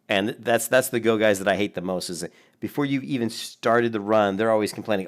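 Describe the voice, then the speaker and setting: A man's voice: on the low side, a little fast, few pauses. A man giving casual, rambling reaction commentary on game clips, swearing freely and laughing often. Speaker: gaming video commentator.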